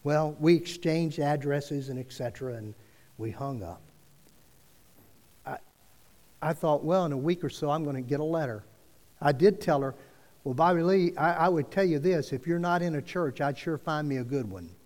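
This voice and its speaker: A man tells a personal story from the pulpit, casual and conversational, with frequent restarts as he acts out each exchange. His voice sits a little high for a man. It rings out with a long hall reverb. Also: normal speed, a little mellow. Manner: conversational, quotes dialogue with restarts. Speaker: preacher telling a story. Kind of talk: sermon storytelling.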